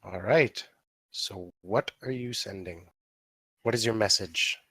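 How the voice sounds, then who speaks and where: A man narrating as dungeon master, telling the story in a slow, drawn-out way. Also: lowish voice, pushed and bright, slightly rough, dry recording. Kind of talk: narrating a tabletop game.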